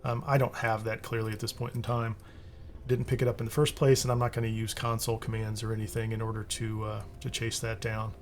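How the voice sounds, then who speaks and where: A man with a fairly low voice hosts a video game guide, talking fairly quickly and casually over gameplay. His relaxed, rambling delivery often restarts sentences.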